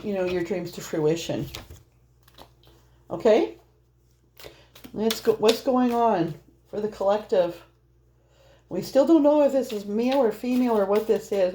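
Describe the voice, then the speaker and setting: A woman's voice: on the high side, dark tone. A woman doing a casual, rambling tarot reading, chatty and laughing often. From Norwegian heritage. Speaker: tarot reader.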